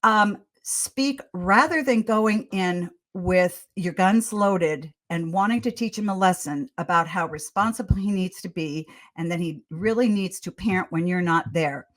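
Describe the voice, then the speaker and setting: A woman's voice: fairly low pitch, unhurried, hardly any pauses. An older woman, a pediatrician guest on a podcast, giving parenting advice in an earnest, storytelling way with frequent restarts. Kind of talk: conversational advice in a podcast interview.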